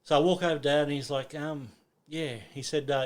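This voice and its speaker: A man's voice: fairly high pitch, fairly even intonation, brisk. A middle-aged Australian man telling a story in casual chat, acting out quotes and swearing a lot. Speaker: podcast guest.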